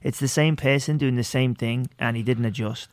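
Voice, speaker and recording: A man's voice: medium pitch, steady tone, moderate pace. A man co-hosting a casual fight chat, easygoing and a little hesitant.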